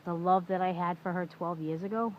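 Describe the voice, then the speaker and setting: A middle-aged woman vlogs casually to camera, venting bluntly with heavy swearing and many "you know"s while acting out the arguments she repeats. Her lowish voice holds a steady tone at a slightly fast pace, recorded at home in dull lo-fi with faint room noise.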